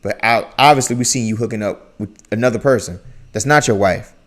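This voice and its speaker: A man's voice: on the low side, brisk. Slangy man hosting a reaction chat. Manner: animated, repeats phrases, slangy. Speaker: reaction channel host.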